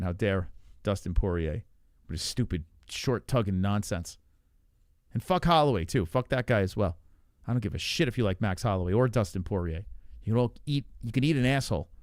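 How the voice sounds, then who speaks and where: A young man on a livestream rants loosely about fights, swearing a lot and reacting to his chat. His voice is fairly low in pitch, and the recording is studio quality with no room sound.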